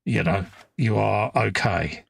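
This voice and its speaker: A man's voice: lowish voice, slow, creaky, slightly rough, dry recording. A sniffly man with a southern English accent, co-hosting a live model-building stream, joking around and reading out viewer comments. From England. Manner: chatty, joking banter, reads out viewer comments. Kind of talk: casual chat while building a model kit.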